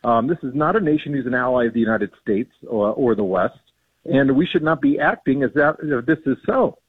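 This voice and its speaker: A man's voice: medium pitch, lively intonation, a little fast, slightly rough. Indignant man on a tinny phone line. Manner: earnest, indignant, many ums and restarts. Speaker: policy guest. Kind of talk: phone-in radio interview.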